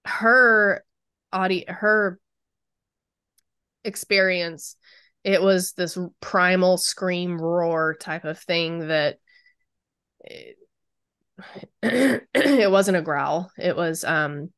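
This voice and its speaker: Woman telling an eerie story, lowish voice. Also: drawn-out words, long pauses, smooth, dry recording, clean studio sound. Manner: animated storytelling with many likes and ums. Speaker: Bigfoot researcher. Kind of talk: interview storytelling.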